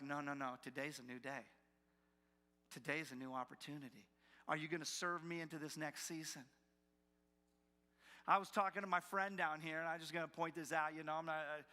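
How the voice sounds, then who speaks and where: A male pastor delivering a sermon in a church, animated as he slips into the voices of the doubters he quotes. His tone is bright and forceful, sitting a little high for a man. The sound carries a long reverb from the church hall. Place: church sanctuary.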